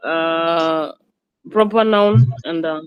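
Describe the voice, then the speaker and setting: A woman's voice: low voice, drawn-out words, clear, resonant tone, no echo, highs cut off. A woman student asking her teacher a question in an online class, hesitating with fillers.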